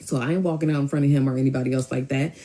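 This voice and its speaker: Woman, young adult, casual storytime, low dark voice, rambling. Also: rapid-fire. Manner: rambling, animated, switches into quoted voices.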